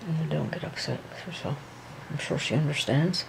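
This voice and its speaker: A woman voicing a gentle young male dancer who speaks slowly and soothingly, hesitating with many ums. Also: deep voice, vocal fry, noisy background. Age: young adult.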